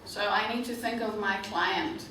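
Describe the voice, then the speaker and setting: A woman giving a guest lecture to students, speaking slowly and clearly and often checking in with "okay?". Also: medium pitch, sharp tone. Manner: slow, clear teaching talk, checks in with frequent "okay?". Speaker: tour operator director giving a guest lecture. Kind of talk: classroom presentation to students. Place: university classroom. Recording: echoey classroom, distant mic, faint noise.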